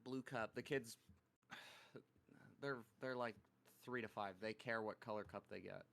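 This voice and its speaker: A man's voice: on the low side, a little slow, vocal fry, fairly bright tone. A young man co-hosting a podcast, casually telling stories about his work, swearing freely and laughing at his own tales. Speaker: podcast co-host. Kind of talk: casual chat.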